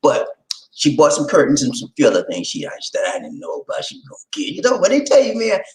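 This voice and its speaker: A man talks casually to his viewers, joking and lecturing in turn. His pitch jumps around a lot and the room around him rings with echo. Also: wildly swooping pitch, a little fast, darkish tone. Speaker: vlogger. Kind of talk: casual vlog commentary.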